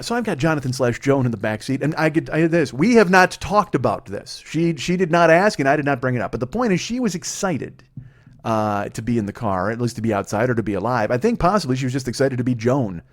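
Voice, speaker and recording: A man in his forties from Illinois hosts a comedy podcast, telling rambling, heavily profane, self-mocking stories. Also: mid-range voice. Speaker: podcast host. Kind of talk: comedic storytelling monologue.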